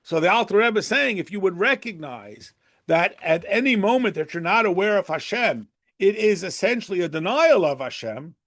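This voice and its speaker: A man teaches a Torah class in a high, gravelly voice. He talks to the room conversationally and asks rhetorical questions. He acts out the quotes he cites. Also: a bit bright.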